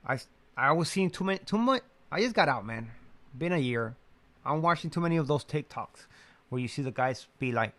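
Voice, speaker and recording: Young man, casual story, animated and loose, mid-pitched voice, chatty delivery. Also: a little fast. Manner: animated, laughs while telling, lots of fillers and restarts.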